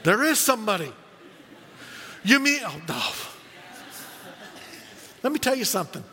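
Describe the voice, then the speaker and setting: A middle-aged man preaching a sermon as a pastor, telling stories with animated quoted voices. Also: high-pitched, a little slow, in a large hall.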